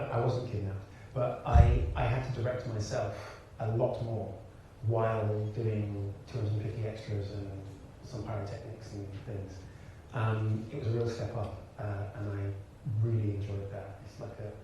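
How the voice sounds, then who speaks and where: Speaking at normal speed with hardly any pauses, a lowish-voiced actor and director from Birmingham, England tells animated stories as an interview guest before an audience in a large hall, frequently restarting and laughing. The audio is dull, recorded at a distance in an echoey space with background hiss.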